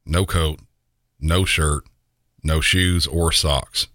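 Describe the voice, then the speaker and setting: A man's voice: rumbling low, steady tone, very slow, background noise. A man narrating police incidents with dry, wry asides. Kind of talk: scripted narration.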